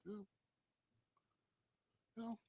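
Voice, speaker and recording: A man's voice: slow pace, dry recording, lo-fi sound. A middle-aged man hosting a livestream, ranting through political commentary in a blunt, aggressive and profane way. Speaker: livestream host.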